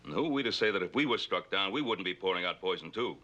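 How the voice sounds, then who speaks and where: A man's voice: sits low, lively intonation, fast talker, pushed and bright, lo-fi sound. An actor playing a stern older rancher and father of grown sons, speaking earnestly in a 1960s television western.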